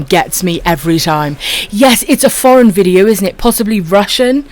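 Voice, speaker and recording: A woman from Wales with a husky voice and a dry throat, chatting casually to viewers while streaming a game and calling them her darlings. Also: on the low side, brisk. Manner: affectionate, calls viewers my darlings.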